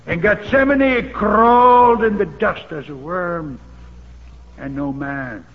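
A man with a high voice preaches slowly, emphatic and repetitive, breaking into fervent exclamations. The audio is a dull old sermon tape with faint hiss, recorded in a reverberant hall.

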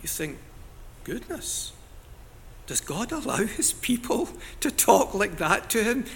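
A man preaching a sermon in an earnest, deliberate way, now and then rising to loud cries as he quotes scripture. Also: high voice, big pitch swings, vocal fry, a little hiss or hum.

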